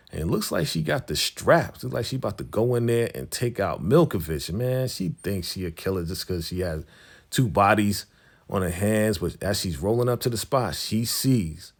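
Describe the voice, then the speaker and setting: Deep-voiced man recapping a TV episode. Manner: retells scenes by acting out characters' lines in slangy voices. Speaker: recap host.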